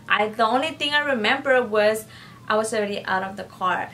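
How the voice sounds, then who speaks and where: A woman's voice: medium pitch, brisk, pushed and bright, recorded from a distance. A woman vlogger telling a personal story in a chatty, casual way, addressing viewers as "guys" and filling her speech with "like" and "you know.". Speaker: YouTuber. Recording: voice a bit off-mic, faint background noise.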